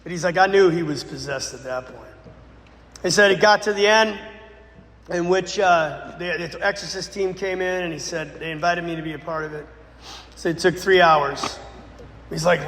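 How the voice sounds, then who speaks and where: A man, a Catholic priest, telling a dramatic story in a sermon, swinging between loud bursts and hushed lines. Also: fairly high pitch, vocal fry, slight background noise. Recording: echoey church with long reverb.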